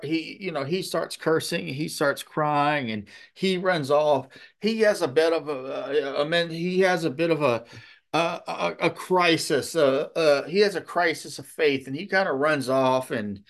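A man's voice: fairly high pitch, a little slow, a bit bright. A man preaching a conversational sermon, often checking in with his listeners and restarting his sentences. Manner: conversational, repeats "okay?", many restarts.

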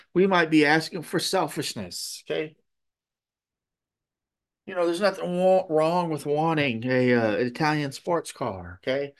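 A man as pastor giving a conversational sermon, tagging his points with "okay?" and telling stories. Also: fairly high pitch. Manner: tags points with "okay?", storytelling.

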